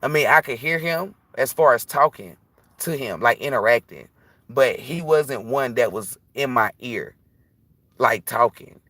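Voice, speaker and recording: A man's voice: mid-range voice, animated, measured pace, pushed and bright, dry recording. A man who reads tarot, talking casually and bluntly on a livestream, preachy and profane. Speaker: tarot reader.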